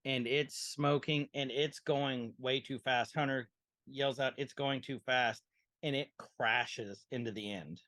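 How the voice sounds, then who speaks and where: A man in a mid-range voice walks through an episode beat by beat on a casual podcast. He keeps pausing to act out what characters said. The sound is close and dry, with no room echo. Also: medium pitch, fairly even intonation, a bit bright. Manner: scene-by-scene retelling, quoting characters. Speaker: podcast co-host. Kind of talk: casual chat recapping a show.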